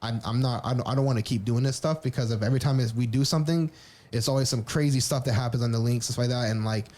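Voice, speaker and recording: A man's voice: mid-range voice, steady tone, quick pace, a little mellow. A man on a podcast candidly telling his personal story, rambling with frequent restarts and casual swearing. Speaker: podcast co-host.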